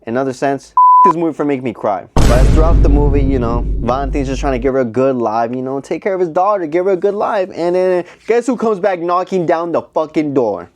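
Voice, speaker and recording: A man's voice: fairly high pitch, a little fast, few pauses, slight background noise. Slangy young man recapping a movie. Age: 20s. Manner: animated, streetwise slang, talks to chat. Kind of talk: casual slangy movie commentary.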